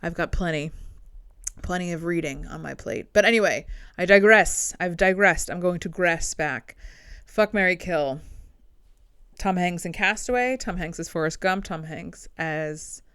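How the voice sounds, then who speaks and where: A woman podcast host and comedian riffing in a dark, irreverent comedic monologue. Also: on the low side, unhurried, clean tone, no room sound, clean studio sound. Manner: dark, irreverent joking with frequent laughs.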